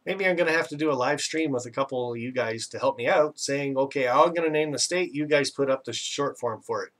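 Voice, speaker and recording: A man's voice: medium pitch, brisk, fairly bright tone, recorded from a distance. Chatty Canadian man a bit off-mic. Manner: chatty and rambling, self-teasing, laughs often. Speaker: live stream host. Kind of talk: casual live chat reading viewer comments.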